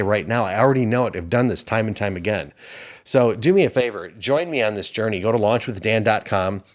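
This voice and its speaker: A man in his fifties hosting a podcast, giving a rambling, preachy motivational monologue. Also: lowish voice. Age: 50s. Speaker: podcast host.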